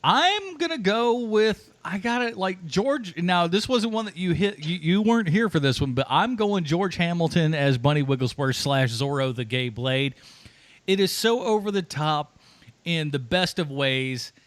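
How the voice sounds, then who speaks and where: A man's voice: high-pitched, expressive, measured pace, no echo. A man hosting a casual movie podcast, reading out award categories playfully. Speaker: podcast host.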